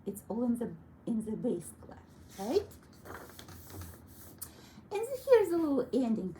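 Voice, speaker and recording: A woman giving a child a piano lesson, speaking slowly and gently in a raised, mellow voice. She coaxes and praises warmly between bits of playing, and a piano sounds softly behind her. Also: a little high, big pitch swings, a little hiss or hum, rough recording. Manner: gentle, coaxing and encouraging with a child. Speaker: piano teacher.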